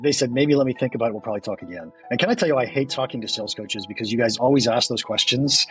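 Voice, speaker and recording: A man hosting a podcast in a casual interview chat, self-deprecating and quick to laugh, often repeating words when he gets excited. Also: medium pitch, soft background music. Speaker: podcast host.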